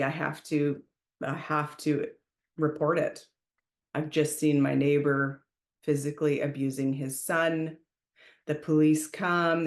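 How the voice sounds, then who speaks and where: A woman hosting a podcast, retelling a story in a casual, emphatic way and raising her voice when she quotes herself shouting. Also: deep voice, roomy sound. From Canada. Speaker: podcast host.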